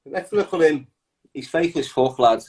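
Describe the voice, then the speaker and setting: A man's voice: on the high side, moderate pace, a little mellow. A man with a Liverpool accent talking bluntly in a heated casual chat, mocking and profane as an interview guest.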